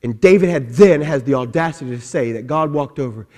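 A pastor preaching an impassioned sermon, dropping to hushed tones and then building to shouts. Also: male voice, mid-range voice, animated, fairly quick, long reverb tail.

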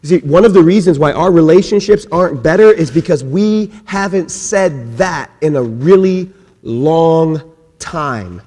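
A man preaching a sermon, swinging between loud, raised passages and hushed, quiet ones, acting out quoted voices with humorous asides. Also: on the high side, lively intonation, unhurried. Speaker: pastor. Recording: long hall reverb.

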